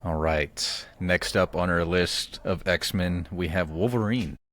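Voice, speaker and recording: A man's voice: sits low, slow, fairly bright tone. A man co-hosting a podcast in casual chat, giving short, laid-back replies. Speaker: podcast co-host.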